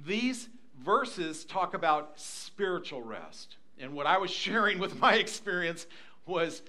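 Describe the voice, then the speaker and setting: An older man delivers a sermon in a high, bright voice. His pitch swoops widely as he tells a story and mimics the voices of the people in it. His delivery is animated and expressive. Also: takes it slowly. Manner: animated, acts out voices in anecdotes. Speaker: pastor.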